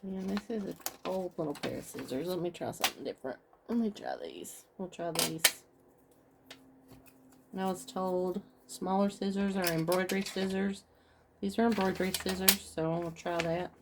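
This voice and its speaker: A woman's voice: fairly low pitch, moderate pace, gravelly, very noisy. A woman craft vlogger chatting casually with viewers as she talks through each step of her project. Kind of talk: casual craft tutorial chat.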